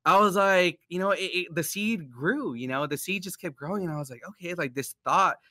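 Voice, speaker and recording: A young man, a guest tattoo artist, telling his story in a rambling casual way, full of "like" and "you know" and quick laughs. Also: high-pitched, pushed and bright, dry recording, clean studio sound.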